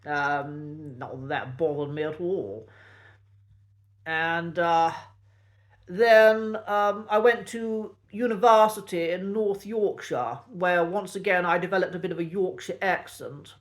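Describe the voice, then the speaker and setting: An English man with a posh Received Pronunciation accent, talking to camera in a measured, precise way with frequent pauses and ums. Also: high-pitched. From England. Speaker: accent teacher and channel host. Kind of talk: reflective solo talk to camera.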